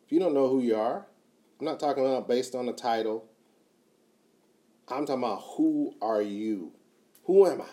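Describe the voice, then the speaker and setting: A man giving a motivational talk, emphatic and repetitive, swinging from quiet to loud. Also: medium pitch, normal speed, long pauses. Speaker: motivational speaker.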